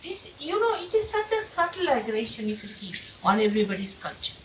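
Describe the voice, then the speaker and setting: A woman's voice: fairly high pitch, big pitch swings, fairly quick. A woman speaking as a spiritual teacher in an informal talk to followers. She is emphatic and asks many rhetorical questions. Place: meeting room of an ashram. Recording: distant mic with faint hiss, old 1979 tape.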